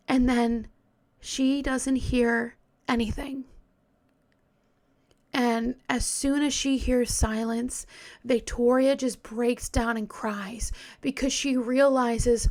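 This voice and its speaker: A woman telling a true crime story in a casual, hesitant way, often dropping into a hushed whisper. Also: on the high side, steady tone, slow pace.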